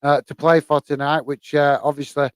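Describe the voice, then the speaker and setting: A man's voice: on the high side, level tone, normal speed, smooth, no room sound. A man from the UK hosting a live football watch-along, tired and rambling with lots of fillers. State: tired, yawning.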